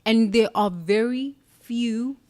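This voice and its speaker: A woman's voice: fairly high pitch, slow pace, darkish tone. A woman giving an earnest, reflective motivational monologue, coaching the listener and answering her own questions. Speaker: self-help speaker.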